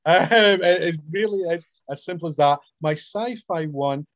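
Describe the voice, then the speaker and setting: A middle-aged Scottish man talks about his writing in an interview and tells stories with animation. His voice sits a little high for a man. The recording is dry and close, with no room echo. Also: moderate pace. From Scotland. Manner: animated storyteller, acts out quoted voices. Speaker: author guest. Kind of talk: casual interview chat.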